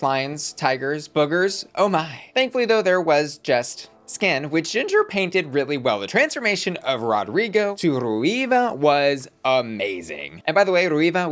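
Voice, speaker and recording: A campy American woman hosts a casual reaction commentary, tossing out drag slang and playful asides. Her voice sits low for a woman. She talks in a quick, teasing, show-host manner.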